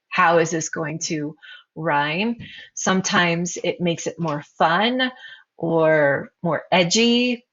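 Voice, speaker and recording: A woman's voice: lowish voice, a bit bright, dull audio. A woman teacher narrating a recorded slideshow lesson, explaining terms and posing questions to her students.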